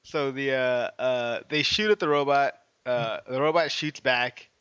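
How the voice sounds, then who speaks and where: A man's voice: medium pitch, unhurried, fairly bright tone, clear, resonant tone, no room sound. A man co-hosting a podcast, recapping plots in a rambling, hesitant way. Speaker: podcast co-host. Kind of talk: casual chat. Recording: dry, dull lo-fi sound.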